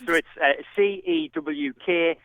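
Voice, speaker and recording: A man's voice: fairly high pitch, measured pace, a bit bright. A man with a Sunderland accent, a podcast guest chatting and explaining with lots of fillers, heard over a remote line. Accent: Sunderland (Mackem). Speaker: dictionary author guest. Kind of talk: casual podcast chat. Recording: tinny phone-like line.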